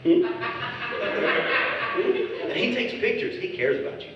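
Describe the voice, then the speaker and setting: A man's voice: extremely high pitch, wildly swooping pitch, measured pace, muffled recording, very noisy. A man doing a stand-up comedy set on a club stage, crude and teasing as he riffs with the crowd. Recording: echoey club recording from far off.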